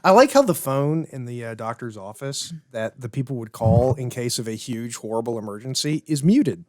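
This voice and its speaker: Man co-host, mid pitch, very lively intonation, joking film chat. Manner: animated joking, quick asides. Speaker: podcast co-host. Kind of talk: casual chat.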